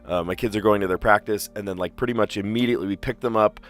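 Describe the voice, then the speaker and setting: A man streaming a puzzle game, chatting casually and thinking aloud with fillers, clearing his throat now and then. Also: on the low side, steady tone, fast. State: slight cough, clearing throat. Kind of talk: casual live-stream chat while solving puzzles.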